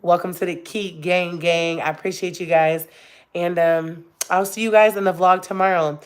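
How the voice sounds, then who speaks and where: A woman's voice: fairly low pitch, steady tone, moderate pace, clean tone. A young woman chatting casually on a live stream with her viewers, emotional and laughing often as she talks to them directly. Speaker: YouTube vlogger.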